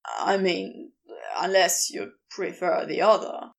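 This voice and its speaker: A woman voicing a sly, lanky male demon in a low, growly grumble. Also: fairly even intonation, takes it slowly. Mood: breathless.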